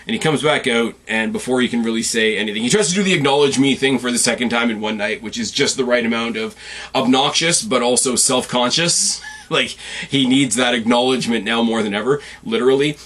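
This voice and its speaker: A man hosting a casual podcast, recapping events with opinionated, animated rants and sudden excited jumps in his voice. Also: brisk. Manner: jumps sharply up in pitch when excited. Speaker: podcast host.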